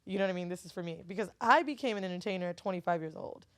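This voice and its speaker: A woman's voice: fairly low pitch, rapid-fire, fairly bright tone. A woman in a casual podcast chat, talking candidly and swearing freely, acting out her relatives' voices as she tells stories. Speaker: guest, studio owner and TV host.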